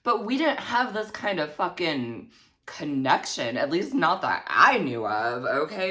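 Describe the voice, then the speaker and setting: A woman's voice: low-pitched, big pitch swings, a little slow, pushed and bright. A woman telling a storytime vlog in a snarky, heavily profane way. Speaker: vlogger.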